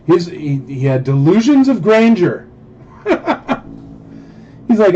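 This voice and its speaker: A man casually ranting with sarcasm while selling at a live auction, mocking others through quick quoted asides. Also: high-pitched, lively intonation, a little mellow, breathy edge, highs cut off.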